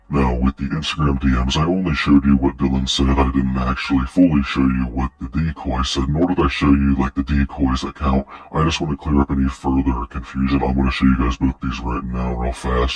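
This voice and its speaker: Very deep-voiced young man, sarcastic commentary. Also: a little mellow, husky, distant mic, rough recording. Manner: sarcastic, swears often, mocks the texts he reads out. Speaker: commentary creator. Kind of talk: online commentary.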